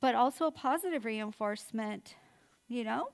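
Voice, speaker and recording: Give me an older woman with a fairly high voice giving mothers friendly, chatty parenting advice. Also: lively intonation, normal speed, vocal fry. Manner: chatty, acts out everyday quotes. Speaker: therapist speaking to mothers. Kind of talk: informal parenting talk.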